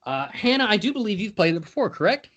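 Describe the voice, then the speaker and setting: A man's voice: high-pitched, very animated, fast talker, fairly bright tone, breathy edge, highs cut off. A man hosting a podcast in casual chat, joking and rambling as he explains a game. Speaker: podcast host.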